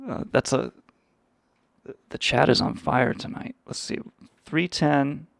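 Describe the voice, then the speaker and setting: Gravelly-voiced man ranting crudely. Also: medium pitch, slow, a bit bright, no echo, studio quality. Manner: rambling, crude and sarcastic, frequent restarts. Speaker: podcast host. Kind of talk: casual profane livestream chat.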